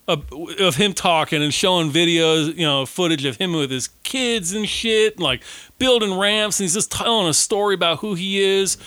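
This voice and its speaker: A man's voice: sits high, normal speed, bright, forceful tone, smooth, no echo. A man co-hosting a podcast, talking in casual chat, emphatic and full of swearing. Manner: emphatic, profane, laughing. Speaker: podcast co-host.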